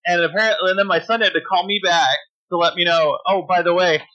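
A man's voice: sits high, fairly even intonation, fast, pushed and bright, highs cut off. A middle-aged man co-hosting a podcast, telling a heated story with lots of swearing in casual chat. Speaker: podcast co-host.

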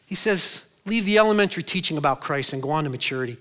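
Male pastor preaching, bright voice on the high side, gets loud and high then drops real quiet, asks the crowd stuff and answers it himself. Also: lively intonation, fast, hardly any pauses. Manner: asks the congregation questions and answers them himself. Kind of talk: sermon.

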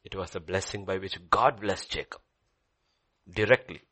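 A man preaching a sermon to a congregation in church, swinging from low murmurs to high excited cries. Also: moderate pace, slightly rough.

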